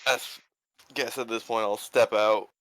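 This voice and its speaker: A low-voiced man plays in a tabletop game, hesitant and restarting as he works out his move. The sound is dry and close. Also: fairly even intonation, normal speed, fairly bright tone, no echo. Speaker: player. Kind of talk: casual game chat.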